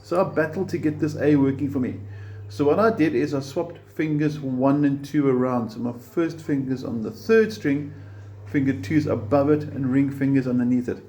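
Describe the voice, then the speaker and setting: Patient man teaching guitar, mellow voice. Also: medium pitch, moderate pace, lo-fi sound. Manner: patient, encouraging, counts beats aloud. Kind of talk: step-by-step guitar lesson.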